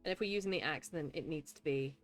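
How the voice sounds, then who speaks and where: A woman's voice: low voice, fast, over music. A woman streaming live gameplay, chatting away, greeting and thanking viewers and talking to the creatures in her game.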